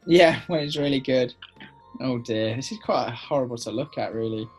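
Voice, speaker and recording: A man's voice: mid-range voice, moderate pace, faint music behind. A man co-hosting a casual drawing game, teasing and swearing in mock indignation. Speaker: co-host.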